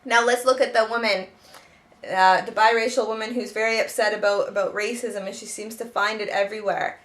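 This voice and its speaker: A woman's voice: medium pitch, fairly even intonation, a little fast, fairly bright tone. A woman who teaches self-help and writes children's books, giving spoken advice in an earnest way with many restarts.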